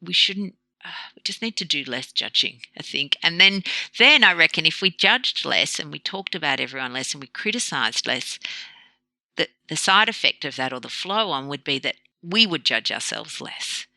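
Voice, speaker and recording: A woman, a guest in an interview, who explains her ideas through lively analogies and acts out quoted voices. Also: sits low, normal speed, creaky, dry recording. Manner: animated storyteller who acts out quoted dialogue. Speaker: guest, low-carb practitioner. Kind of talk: conversational interview.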